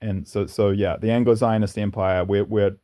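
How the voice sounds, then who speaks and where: Here the host talks at normal speed with a fairly low pitch, a dark tone, and a flat delivery. On his own channel he works through his opinions in a casual, earnest, meandering monologue with some laughter.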